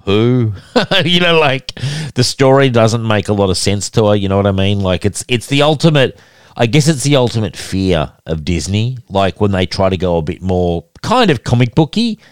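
A man's voice: fairly low pitch, sing-song, normal speed, clear, resonant tone, no echo, studio quality. A man co-hosting a casual film review podcast, chatty and swearing freely. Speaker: podcast co-host.

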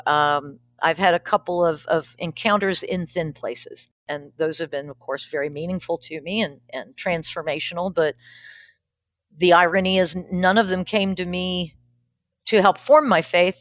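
A middle-aged woman with a fairly low voice tells a personal story with frankness and a dry, wry humor. Her speech is plain and direct. The recording is close and dry, with no room sound. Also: normal speed, no echo. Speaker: pastor, guest. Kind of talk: candid personal storytelling in a podcast interview.

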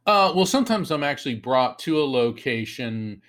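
A man, a psychic medium and author, telling an animated story as an interview guest and acting out the lines of the people in it. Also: medium pitch, moderate pace. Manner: animated storyteller, acts out quotes in raised voice.

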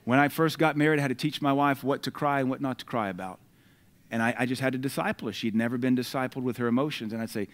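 A man, preaching a sermon and swinging between loud declarations and quiet asides. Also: mid-range voice, fast talker. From United States.

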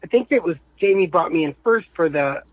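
A man, a guest voice actor, telling anecdotes casually and animatedly, his voice a little rough this morning. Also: on the high side, brisk, no echo. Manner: animated, quotes people in changed voices. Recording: thin phone-like call audio.

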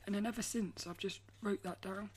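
A woman artist chats casually to camera at an everyday middle pitch. Her voice is soft and slides into a breathy half-whisper as she rambles and circles back over her own words. A faint hiss sits under the recording. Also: fairly even intonation, fairly quick. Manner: rambling, repeats and restarts phrases. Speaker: artist vlogger.

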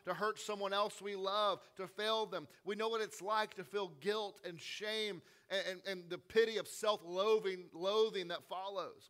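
A male pastor delivering an Easter sermon in a bright, forward voice that sits a little high. He moves between relaxed, chatty asides and dramatic retellings of scripture that sink to a near hush. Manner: conversational preaching with casual asides.

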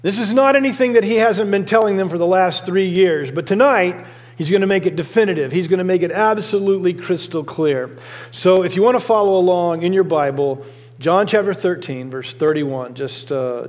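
Middle-aged pastor preaching in reverberant sanctuary. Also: male voice, high voice, normal speed, darkish tone. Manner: earnest storytelling with occasional fillers. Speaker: lead pastor. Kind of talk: sermon. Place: church sanctuary. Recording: long hall reverb.

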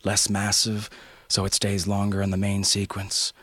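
A man's voice: fairly low pitch, completely flat delivery, moderate pace, a bit bright, dry recording. A man voicing a level-headed scientist on a space crew. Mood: matter-of-fact. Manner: level, explanatory.

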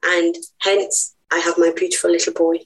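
A woman's voice: on the low side, flat delivery, moderate pace, rough recording. A woman guest on a podcast, earnest and heartfelt as she tells her personal story. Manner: earnest, heartfelt, laughs easily.

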